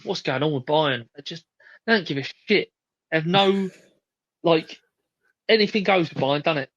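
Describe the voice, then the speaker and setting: A man's voice: on the high side, normal speed, a bit bright, no echo, muffled recording. A man hosting a podcast in casual chat, laid-back and freely swearing as he rambles. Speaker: podcast host.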